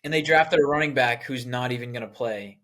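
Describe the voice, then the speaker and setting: A man's voice: mid-range voice, fairly quick, a bit bright. Hedging young man in casual sports chat. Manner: hesitant, hedging, dry. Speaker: podcast co-host.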